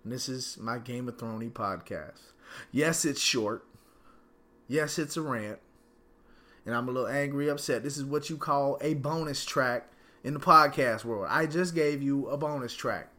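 A man's voice: medium pitch, unhurried, pushed and bright. A man hosting his own podcast from home, ranting angrily and profanely in a casual slangy way. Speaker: podcast host. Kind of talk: solo podcast rant.

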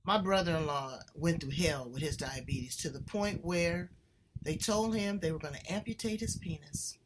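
A woman hosting a casual interview, brisk and emphatic with quick asides. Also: deep voice, noisy background. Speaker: host.

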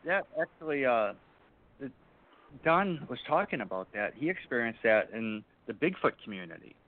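A man talks as a guest in a relaxed interview, driving his points home and repeating pointed questions for emphasis. His voice sits at a middle pitch. The audio is narrow and tinny, like it is heard over a telephone. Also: normal speed. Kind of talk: casual interview chat. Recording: tinny phone-like line.

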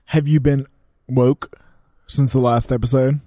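A man's voice: medium pitch, flat delivery, measured pace, warm tone, no echo. A man co-hosting a podcast, bantering in a dry, teasing way. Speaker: podcast co-host.

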